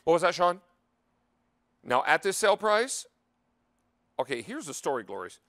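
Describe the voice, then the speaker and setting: A man hosting a live TV shopping show from a studio kitchen, chatty and emphatic as he pitches a product. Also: big pitch swings, normal speed, fairly bright tone. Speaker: TV shopping host.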